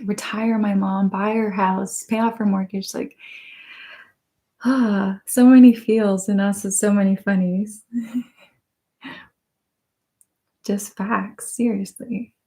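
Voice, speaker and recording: Giggly soft-spoken woman ASMR host. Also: medium pitch, unhurried, pauses often. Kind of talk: live stream chat, reading viewer comments aloud. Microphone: binaural microphones.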